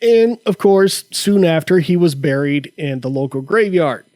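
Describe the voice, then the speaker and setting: A man hosting a comedy podcast, telling a story in a casual, halting way with frequent restarts. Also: a little high, darkish tone, no room sound, rough recording. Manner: slow, halting delivery with many restarts. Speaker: podcast host.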